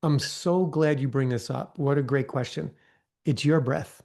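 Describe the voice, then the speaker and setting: A man's voice: medium pitch, measured pace, creaky, a little mellow. A man leading a live online training, coaching in a conversational way and often checking in with "okay?" and "right?". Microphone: video call.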